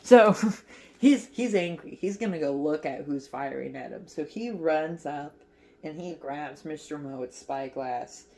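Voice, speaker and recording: A woman's voice: sits low, expressive, a little slow, warm tone, a little hiss or hum. A woman casually recapping a movie as a crochet vlogger, chatty and giggly, with lots of fillers.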